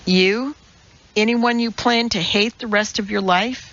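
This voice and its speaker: Woman reader doing an upbeat male rower, slow and gravelly, reassuring; audiobook. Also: high-pitched, fairly even intonation, bright, forceful tone, highs cut off, full character voice. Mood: cheerful. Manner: cheerful, reassuring. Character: upbeat confident male rowing star.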